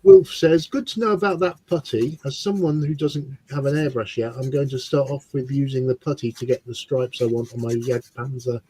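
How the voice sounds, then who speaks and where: A man's voice: mid-range voice, normal speed, hardly any pauses, dark tone, slightly rough, rough recording. A man co-hosting a casual model-building livestream, reading viewer comments and trading dry banter. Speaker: livestream co-host.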